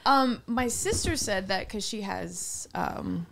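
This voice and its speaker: A woman co-hosting a podcast who tells a story in an animated, giggly way and swears casually. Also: mid-range voice, slow, creaky, crowd noise. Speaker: podcast co-host.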